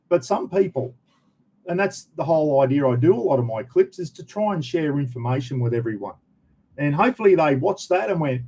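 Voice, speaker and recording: A middle-aged man with an Australian accent talks casually to his live chat, rambling and full of slang. His voice sits a little high but sounds mellow and relaxed. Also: fairly quick, slightly rough. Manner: chatty, rambling, blokey slang. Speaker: channel host answering live chat.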